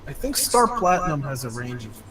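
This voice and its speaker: A man's voice: medium pitch, big pitch swings, a little fast, a bit bright, a little hiss or hum. A young man playing in a tabletop game over voice chat, chiming in offhandedly. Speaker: player. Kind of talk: casual chat. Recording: echoey, distant mic.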